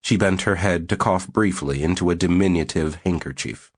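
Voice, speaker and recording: Male audiobook narrator, low and husky, steady storytelling delivery. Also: normal speed. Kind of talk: scripted narration.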